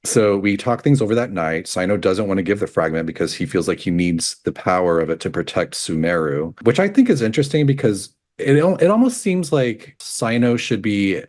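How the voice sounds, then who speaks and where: A man's voice: lowish voice, sing-song, fairly quick, few pauses, darkish tone. A man co-hosting a podcast, casually recapping a game's story with frequent laughs and lots of "like". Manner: chatty, laughs often, filler "like". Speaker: podcast co-host. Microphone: podcast microphone.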